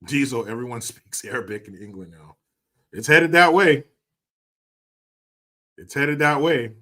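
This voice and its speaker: A man in his forties hosts a casual live stream, reading viewer comments aloud. His pitch sits in the middle range for a man. He jokes around, swears freely and breaks into laughs. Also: fairly bright tone. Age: 40s. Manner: jokey, profane, laughs often.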